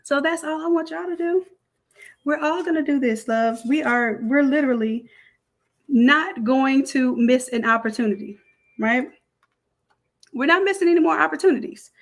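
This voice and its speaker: A woman with a Southern US accent hosting a casual livestream Q&A, animated and preachy as she fires up her viewers. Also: high voice, moderate pace, pauses often. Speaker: online design academy host.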